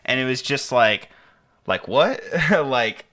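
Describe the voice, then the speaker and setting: A man's voice: medium pitch, animated, slow pace, sharp tone. A young man co-hosting a podcast, rambling in casual chat, cursing freely and leaning on fillers. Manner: rambling, profane, full of fillers. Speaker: podcast co-host.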